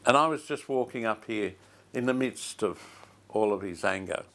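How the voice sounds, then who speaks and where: An older man, preaching a sermon as a pastor and telling a story slowly and with feeling, repeating his phrases. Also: on the low side, fairly bright tone.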